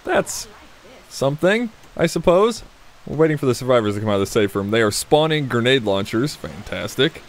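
A man's voice: mid-range voice, sing-song, brisk, slight background noise. A man hosting a gameplay video, chatting casually, laughing often and muttering at other players.

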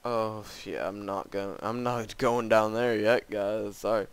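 A man's voice: fairly low pitch, steady tone, a little slow. A man giving casual let's-play commentary on a custom game map, gasping and exclaiming often and mocking himself. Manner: frequent gasps and exclamations, self-mocking. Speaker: gamer playing a custom map.

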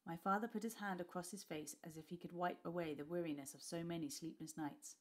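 British female reader, lowish voice, expressive storybook delivery with hushed moments. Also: brisk, few pauses. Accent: British English. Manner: expressive, voices characters, drops to whispers. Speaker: teacher reading a class novel aloud. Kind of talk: storybook read-aloud.

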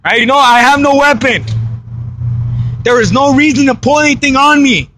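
A man from the United States, frightened and crying, insistently pleading and at times shouting during a tense confrontation. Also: extremely high pitch, normal speed, slight background noise. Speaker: citizen confronted by police.

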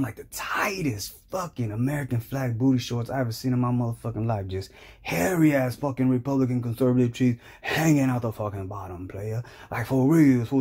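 A man's voice: mid-range voice, a little mellow, breathy edge. A man telling a crude comic story in a profane, rambling, slangy way. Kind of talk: crude comedic storytelling rant.

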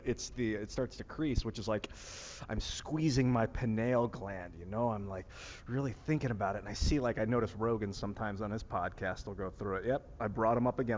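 A fairly low-voiced man with a Northeast Ohio accent rambles through a casual vlog, musing and restarting his sentences. The sound is dull and lo-fi, with a long reverb trailing his words. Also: darkish tone, slight background noise. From Northeast Ohio, USA. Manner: musing, meandering, many fillers and restarts. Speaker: vlogger. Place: outdoor rooftop among plants.

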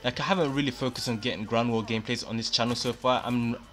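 Guy yelling over his own cod gameplay, super hyped, faint game music behind. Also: mid-range voice, steady tone, fast. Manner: hyped, exclaims often, says "man" a lot. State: losing his voice a little. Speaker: gaming YouTuber. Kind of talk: excited gameplay commentary.

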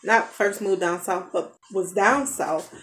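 Woman, 30s, family vlogger, casual rambling chat, mid pitch, noisy home recording. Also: slow pace, a bit bright. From United States. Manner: rambling, chatty storytelling with asides to her kids. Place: home basement.

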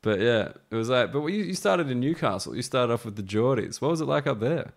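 A man's voice: medium pitch, animated, creaky. A young Australian man hosting a podcast, chatting casually and teasing his guest with jokes. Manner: joking, teasing, quick banter. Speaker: podcast host. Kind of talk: casual interview chat.

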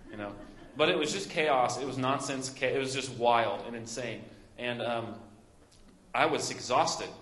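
A man's voice: medium pitch, fairly bright tone. A young man with a Midwestern American accent preaching a sermon, telling a story with many fillers and restarts. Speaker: pastor. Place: church sanctuary. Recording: echoey church room.

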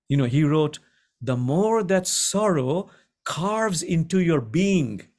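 Speaking in a rather high voice, a middle-aged imam offers a quiet, reflective teaching through a video call. He emphasizes important lines by repeating them slowly.

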